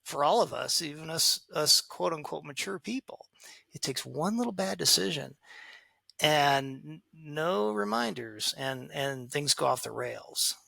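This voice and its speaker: A man being interviewed on a podcast as a parenting expert, telling stories with animated energy, acting out quoted voices and laughing often. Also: on the high side, measured pace, vocal fry, dry recording.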